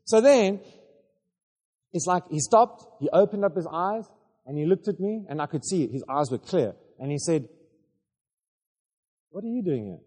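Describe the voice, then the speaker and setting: Man preaching in an echoing hall. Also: on the high side. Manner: animated, halting storytelling with many restarts. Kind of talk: storytelling sermon.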